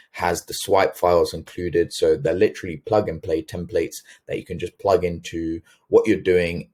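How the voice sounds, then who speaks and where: Low-voiced man pitching a webinar. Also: a little mellow. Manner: earnest, filler-heavy, self-correcting. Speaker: webinar host.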